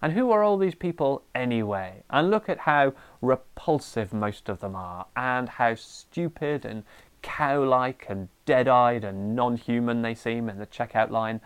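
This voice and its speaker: A middle-aged man delivers a sermon in an animated way. His pitch sits in a middling range for a man, and at times he acts out a ranting parent. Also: a little slow, clean tone. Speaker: preacher.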